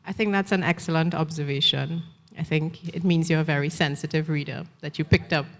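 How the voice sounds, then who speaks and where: A woman author from Trinidad with a Trinidadian accent, reading her fiction and answering questions in a measured, thoughtful way. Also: low-pitched, steady tone. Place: festival stage in a large hall. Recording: long reverb in a large hall.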